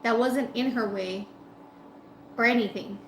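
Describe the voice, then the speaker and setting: A woman's voice: fairly high pitch, a little slow, roomy sound, slight background noise, low-quality recording. A woman food vlogger chatting casually and telling a story while she eats. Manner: chatty, animated retelling with quoted voices.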